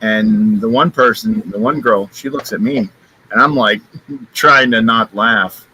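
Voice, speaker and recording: A man's voice: lowish voice, a little slow, sharp tone, slight background noise, low-quality recording. A man telling a long rambling anecdote to friends in casual chat, speeding up in bursts. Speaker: friend on the stream. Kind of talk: casual storytelling.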